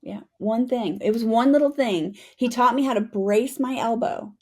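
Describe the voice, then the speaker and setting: A woman's voice: on the high side, moderate pace. A middle-aged woman from the United States, a retired Army pilot, telling her story as a guest and often asking "right?". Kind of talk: storytelling interview.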